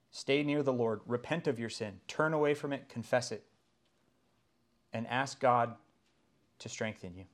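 A middle-aged man preaching a sermon as pastor, earnest and rising to emphatic exclamations. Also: mid-range voice.

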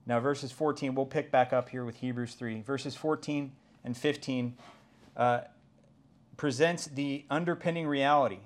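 A man's voice: medium pitch, steady tone, unhurried. A middle-aged man preaching a sermon as pastor, earnest and rising to emphatic exclamations.

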